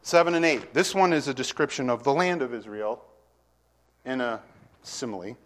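A middle-aged man preaches with an expressive, teaching manner, swinging between loud emphasis and quiet asides. His voice sits at an ordinary middle pitch. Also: normal speed, slight background noise. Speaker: pastor. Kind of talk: sermon.

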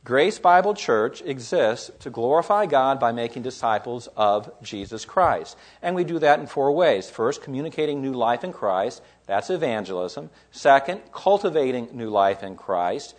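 Emphatic pastor preaching. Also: male voice, medium pitch, lively intonation, moderate pace, hardly any pauses. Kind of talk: sermon.

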